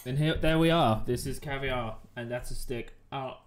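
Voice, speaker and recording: A man's voice: medium pitch, moderate pace. A man chatting casually on a live stream, joking and rambling while he eats at his desk mic. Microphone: desk microphone.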